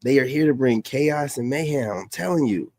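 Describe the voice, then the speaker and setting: A man's voice: medium pitch, moderate pace, a little mellow. A man giving brash, mocking casual commentary over a podcast clip, repeating himself as he reacts. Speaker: reaction streamer.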